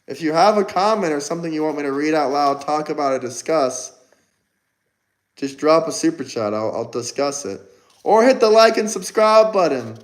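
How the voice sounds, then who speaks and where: High-voiced, combative male livestreamer. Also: expressive, moderate pace, poor audio. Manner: combative, mocking replies to chat. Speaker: livestream host. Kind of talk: casual livestream chat.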